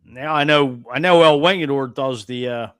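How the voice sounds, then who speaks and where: A man's voice: medium pitch, moderate pace, fairly bright tone, clear, resonant tone. Man, show host, casual interviewer, short acknowledgements. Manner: brief listening responses, casual questions.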